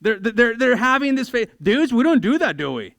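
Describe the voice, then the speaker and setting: Animated man preaching in a clear, high voice. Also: no echo. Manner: animated, acts out conversations in quick voices, self-deprecating humor. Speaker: pastor. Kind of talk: sermon. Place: church.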